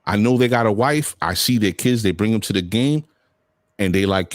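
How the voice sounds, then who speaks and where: A man hosts a loose podcast conversation, blunt and animated, cursing freely as he riffs. His mid-pitched voice sits dry and close to the mic. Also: moderate pace, no room sound. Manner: blunt, animated storytelling with profanity. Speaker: podcast host. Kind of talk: casual chat.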